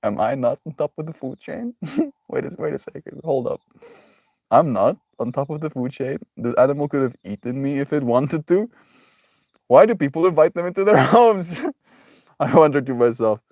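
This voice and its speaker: A man's voice: fairly high pitch, expressive, moderate pace, darkish tone, no room sound. Joking young man streaming, dry sound. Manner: reads chat aloud, laughs often, jokey. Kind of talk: casual live-stream chat.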